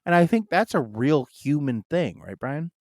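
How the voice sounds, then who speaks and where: A man's voice: fairly high pitch, sing-song, moderate pace, a little mellow, no room sound, studio quality. A man in casual podcast chat, telling a long personal story with many fillers and asides. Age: adult, married. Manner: rambling and storytelling, full of "like" fillers.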